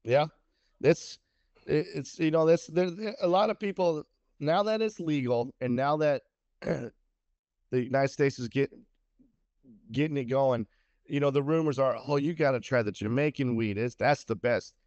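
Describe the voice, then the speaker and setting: Middle-aged man, emphatic and confident guest, mid-pitched, dry dull lo-fi audio. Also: moderate pace, long pauses, a little mellow, no echo. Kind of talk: casual chat.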